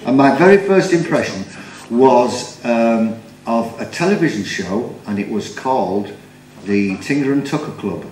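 A man's voice: medium pitch, animated, unhurried, darkish tone, slight background noise. Man, comic storyteller, echoey TV studio, distant mic. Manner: jokey, chuckles through his stories, drops into impressions. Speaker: comedian guest. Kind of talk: chatty anecdotes on a talk show.

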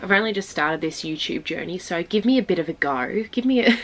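A woman's voice: fairly low pitch, expressive, a little fast, a little hiss or hum. A young woman chatting casually in her vlog, rambling, swearing and giggling. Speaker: vlogger.

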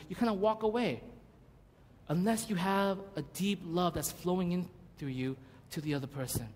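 Male pastor, conversational sermon delivery, slightly high voice, reverberant church hall. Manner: conversational preaching, frequent "you know" and "right?".

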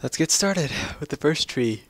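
A tired young man slowly rambling through casual commentary on his own game. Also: fairly high pitch, animated, no room sound. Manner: slow, drowsy, rambling. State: tired, yawning. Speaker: let's play gamer.

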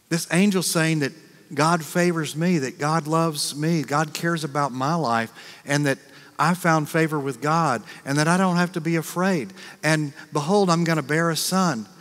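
A man with an American accent, a pastor preaching a sermon in a conversational way, acting out quick reactions and repeating words. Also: on the high side, a bit bright. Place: church sanctuary. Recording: long reverb of a large church.

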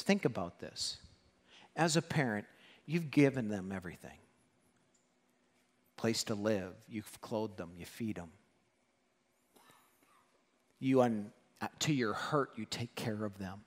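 A man preaching a sermon to a congregation, animated and joking, acting out quoted voices. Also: mid-range voice, big-room sound. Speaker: pastor. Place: church hall.

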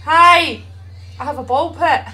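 A woman's voice: sits high, unhurried, sharp tone, faint music behind. A young woman chatting casually and bluntly to her viewers on a live stream, swearing freely, into a streaming microphone at home.

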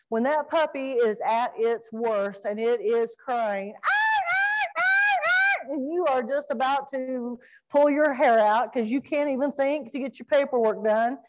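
A middle-aged woman giving an informal talk on training dogs, animated and acting out crying puppies and fussing owners. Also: fairly high pitch. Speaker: dog training presenter.

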